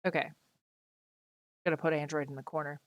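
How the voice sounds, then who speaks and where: Low-voiced woman streaming a game, chatty. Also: little pitch movement, a little fast, no echo. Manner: playful, chatty asides to viewers. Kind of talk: live let's-play commentary, reading game text aloud.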